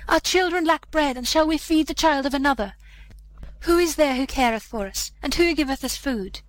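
A woman voicing a worried, sharp-tongued poor woodcutter's wife, in a shrill scolding manner. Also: animated, brisk, natural voice.

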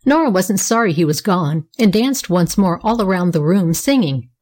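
Woman gently reading a storybook. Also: fairly low pitch, animated, moderate pace. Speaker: narrator. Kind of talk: storybook narration.

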